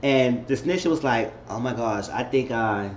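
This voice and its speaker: A man giving a casual, animated recap of a TV episode, retelling scenes and acting out the characters' lines with laughs along the way. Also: mid-range voice, unhurried, slight background noise. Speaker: show recap vlogger. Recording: roomy dull home recording with faint ambience.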